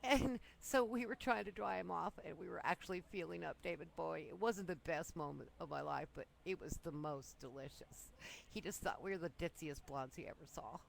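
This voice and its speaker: A woman's voice: lowish voice, fairly quick, creaky, a little hiss or hum, low-quality recording. A woman casually telling breezy, self-amused stories from her younger years. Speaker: storyteller. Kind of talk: casual personal storytelling.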